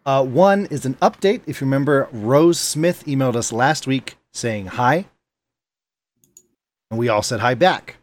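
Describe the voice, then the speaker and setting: A man's voice: medium pitch, unhurried. A man co-hosting a podcast, telling stories in a casual, laughing way and reading listener emails. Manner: laughing, animated storytelling. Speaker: podcast co-host. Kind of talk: casual chat.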